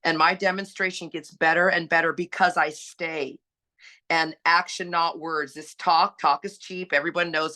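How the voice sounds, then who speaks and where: Low-voiced earnest woman exhorting. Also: sharp tone. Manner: earnest, exhorting, rhetorical questions. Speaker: recovery roundtable panelist. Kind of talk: personal sharing, preachy.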